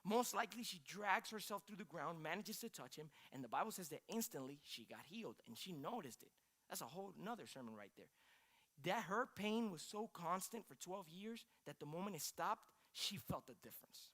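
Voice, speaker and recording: Animated, conversational male pastor. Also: a little high. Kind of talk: sermon.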